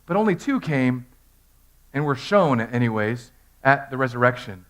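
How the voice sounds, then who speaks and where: A man in his thirties preaching an animated Easter sermon in a church, telling the story with humor and acting out voices. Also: medium pitch, moderate pace. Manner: storytelling, acts out characters in funny voices. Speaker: pastor. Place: church sanctuary.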